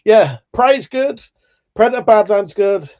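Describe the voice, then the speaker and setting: A livestream host talks casually and reads viewer comments aloud, cursing freely and laughing at himself. His voice is high-pitched, expressive, and warm, with a measured pace, though the audio has its highs cut off.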